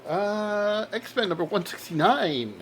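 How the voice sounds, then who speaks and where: A man's voice: sits high, expressive, slow, noisy background. A man chatting casually in a vlog as he shows off a comic book haul, enthusiastic and laughing at his own jokes. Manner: enthusiastic, exclaims over covers.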